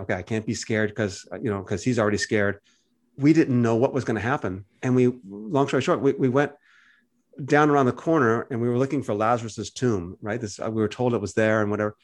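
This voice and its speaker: A man telling a personal story in casual conversation, animated and jumping his pitch up high when he quotes people. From United States. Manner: animated storyteller, acts out quoted voices with big pitch jumps. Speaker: podcast co-host.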